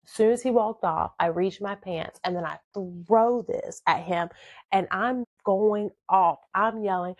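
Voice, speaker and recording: Brief: woman, animated confessional storyteller, close and dry mic. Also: mid-range voice, measured pace, no echo. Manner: emotional, animated, dramatic. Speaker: podcast host telling her life story. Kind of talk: personal storytelling.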